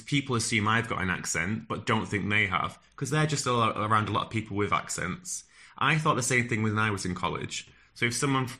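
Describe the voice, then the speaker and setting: Talking to camera in a low, sharp voice, a man with a thick northern English accent gives earnest, direct tips on phone interviews. He often uses fillers and restarts his sentences.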